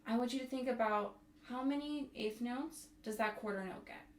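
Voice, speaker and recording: A woman teaching bassoon in a music tutorial, counting and singing out rhythms as she explains. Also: normal speed. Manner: counts and sings rhythms aloud. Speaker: bassoon instructor. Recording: echoey room, faint noise.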